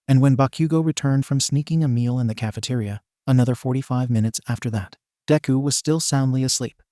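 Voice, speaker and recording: A man giving a steady scripted narration of a fan fiction story. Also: medium pitch, dry recording, studio quality.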